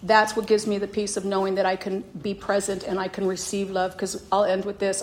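Middle-aged woman telling a lively personal story. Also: mid-range voice, a little fast, hardly any pauses. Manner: lively storytelling, acting out her own quoted reactions. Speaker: recovery meeting speaker. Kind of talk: personal testimony.

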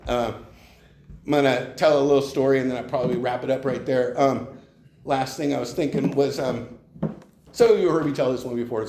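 A man's voice: medium pitch, a little mellow, a little hiss or hum. A middle-aged man giving a candid, conversational personal testimony at a recovery meeting, speaking from a podium with frequent chuckles. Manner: candid and conversational, leans on "you know", chuckles often. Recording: roomy room echo.

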